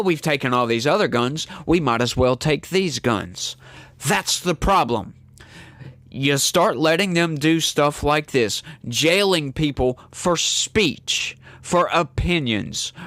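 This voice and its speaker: A man's voice: medium pitch, a bit bright, no room sound. A man hosting a solo political commentary show, ranting in a heated, emphatic way.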